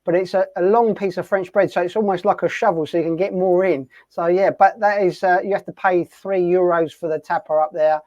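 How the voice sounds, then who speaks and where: A man hosting a radio show, asking a guest questions in an easygoing, halting way. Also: high voice, steady tone, a little mellow, no room sound. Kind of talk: casual interview chat. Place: home on the coast in southern Spain. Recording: dry, dull lo-fi sound.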